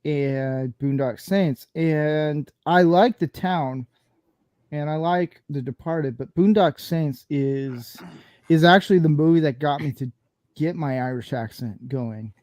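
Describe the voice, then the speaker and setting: A man's voice: fairly high pitch, takes it slowly, darkish tone, no echo. A man hosting a casual panel talk show, rambling and laughing as he restarts his sentences. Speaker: podcast host.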